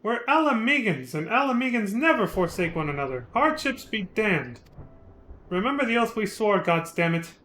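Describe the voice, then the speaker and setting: A man voicing a stern, fiercely loyal male resistance captain as he reads game dialogue aloud, commanding and gruff. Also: high-pitched, sing-song, moderate pace, pushed and bright, slight background noise, pitched above the performer's own voice, full character voice, poor audio. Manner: commanding, gruff, scolds with affection.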